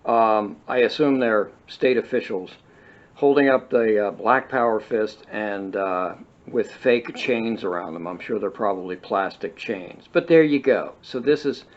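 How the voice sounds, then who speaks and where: A man's voice: fairly low pitch, unhurried. Sarcastic man reading news in a roomy space. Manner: sarcastic, mocking asides while reading aloud. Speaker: podcast host. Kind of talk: read-and-react political commentary. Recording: roomy, distant, dull lo-fi sound with faint hiss.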